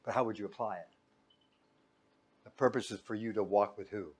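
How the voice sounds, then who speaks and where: Man preaching, loud then hushed. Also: steady tone, a little fast, breathy edge. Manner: asks the room questions and answers them himself; swings between loud emphatic peaks and quiet low asides. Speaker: pastor. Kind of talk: sermon.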